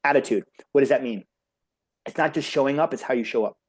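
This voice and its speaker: A man's voice: medium pitch, fast, breathy edge. A man speaking as a beauty industry coach who is a guest on a podcast. He talks eagerly and emphatically and runs on at length. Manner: talkative, enthusiastic, emphatic. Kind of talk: energetic motivational talk.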